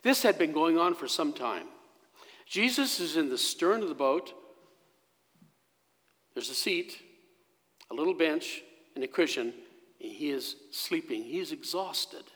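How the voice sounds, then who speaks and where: A man preaching a sermon as pastor in a church, telling the story slowly and dramatically, dropping to a hush at key moments. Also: fairly high pitch. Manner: slow, dramatic storytelling with sudden hushed drops. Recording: long echo of a church hall.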